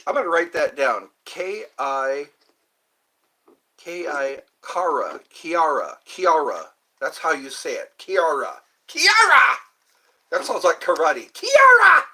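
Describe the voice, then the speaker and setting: Husky older man chatting slowly on stream. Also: a little high, lively intonation, sharp tone, poor audio. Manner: rambling, playful, sounds out names slowly. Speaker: live stream host chatting with viewers. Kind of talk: casual live stream chat.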